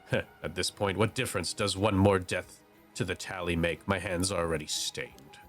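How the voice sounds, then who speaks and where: A man voicing a pompous, scheming gentleman with a put-on British accent. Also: low voice, fairly even intonation, a little slow, faint music behind. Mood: grim.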